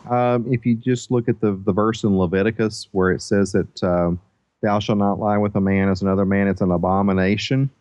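A man who is the show's biblical scholar, explaining things in a measured way with some hesitation. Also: on the low side, fairly even intonation, darkish tone, smooth, dry recording, dull audio. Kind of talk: casual podcast discussion.

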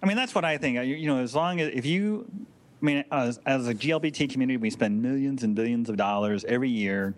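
A man's voice: medium pitch, fast talker. A man co-hosting a casual comedy podcast, giggly and teasing, with faint noise behind him.

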